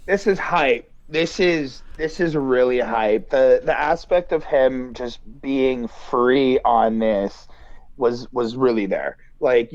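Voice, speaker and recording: A man co-hosting a podcast, talking casually about an album in a relaxed, hesitant way with many restarts. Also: medium pitch, dry recording, dull audio. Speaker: podcast co-host. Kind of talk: casual album review chat.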